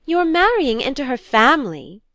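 A woman's voice: high-pitched, very animated, moderate pace, a bit bright, no echo, voice pushed up. A woman voicing a prim unmarried sister in a book reading, fussy and pleading in a raised voice. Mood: reproachful.

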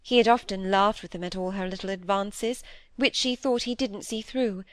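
A woman's voice: medium pitch, moderate pace, fairly bright tone, close to an everyday voice. Woman reading as a troubled, confessing young woman. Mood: confiding. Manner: earnest, regretful, rising to indignation. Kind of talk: audiobook reading of dialogue.

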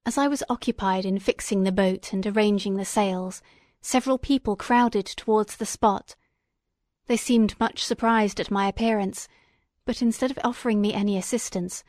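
Measured, expressive female audiobook narrator. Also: mid-range voice, dry recording, studio quality. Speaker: audiobook reader. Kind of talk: audiobook narration of a classic novel.

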